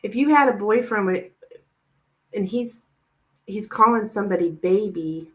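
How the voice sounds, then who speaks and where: A woman's voice: mid-range voice, measured pace. Chatty woman reading tarot. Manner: chatty, thinks aloud with many "like"s. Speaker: tarot reader. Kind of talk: live-stream tarot reading, chatting with viewers.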